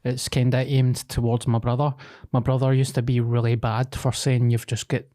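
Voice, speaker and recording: A man's voice: medium pitch, flat delivery, moderate pace, dark tone. A Scottish man in his thirties, a comedian telling blunt, sweary stories in casual podcast chat. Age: 30s.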